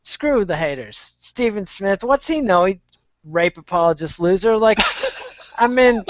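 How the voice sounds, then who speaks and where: A man's voice: high-pitched, expressive, measured pace, dry recording, lo-fi sound. A man from Texas, a talk show guest, ranting in a brash, over-the-top way. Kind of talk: casual chat.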